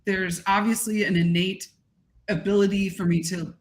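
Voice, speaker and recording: A gregarious, expressive woman talking casually as a podcast guest. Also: medium pitch, moderate pace. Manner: gregarious, animated, expressive talker. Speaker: guest content creator.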